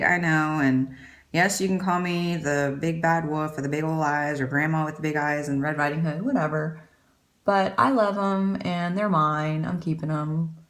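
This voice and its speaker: A woman's voice: sits low, fairly bright tone, a little hiss or hum. A woman chatting casually through a makeup tutorial, rambling and poking fun at herself. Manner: chatty, rambling, self-deprecating. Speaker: beauty vlogger.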